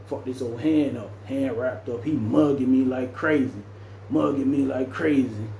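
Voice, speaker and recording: A man spins a lively story in a relaxed, mellow voice, acting out the people in it and adding sound effects as he goes. The room around him is echoey, with a faint hum of ambience underneath. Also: mid-range voice, a little slow, creaky. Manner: animated, acts out quotes and sound effects. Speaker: storyteller recounting his jail time. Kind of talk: casual storytelling.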